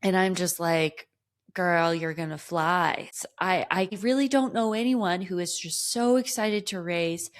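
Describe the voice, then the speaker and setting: A woman's voice: mid-range voice, a little slow, hardly any pauses. Upbeat woman running coach. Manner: upbeat, enthusiastic, motivational. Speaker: running coach and podcast host. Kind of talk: solo podcast talk.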